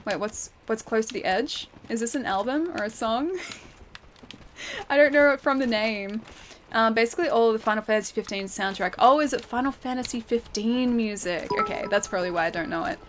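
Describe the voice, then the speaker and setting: Give me a young woman with a fairly high voice, casually chatting and laughing through a game stream. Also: a little fast, a little hiss or hum. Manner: chatty, laughs often, thanks viewers. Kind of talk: casual gameplay commentary reading chat.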